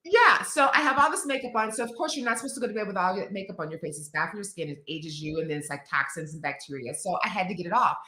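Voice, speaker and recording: A woman speaks as a guest expert on a live show, bright and forceful in tone. She talks in a chatty, emphatic way, full of fillers and asides. The sound carries a noticeable room echo. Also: mid-range voice, animated, fast talker, hardly any pauses. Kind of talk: casual TV segment demo.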